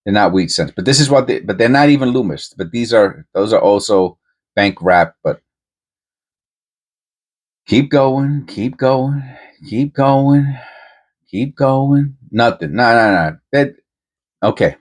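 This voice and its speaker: A man's voice: medium pitch, expressive, takes it slowly, pauses often. A man hosting a coin-hunting channel, talking casually and rambling with many restarts and self-interruptions. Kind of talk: casual commentary to camera.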